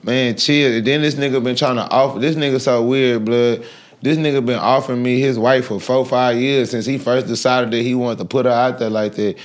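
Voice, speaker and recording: A man, guest on a podcast interview, talking in a brash, animated way with loud bursts of laughter. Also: mid-range voice, a little fast. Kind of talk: casual interview talk.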